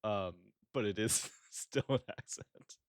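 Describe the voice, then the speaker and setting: Lower-voiced, chatty male co-host. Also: slow pace, no room sound, studio quality. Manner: reactive, frequent short agreements and laughter. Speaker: podcast co-host. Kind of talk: casual chat.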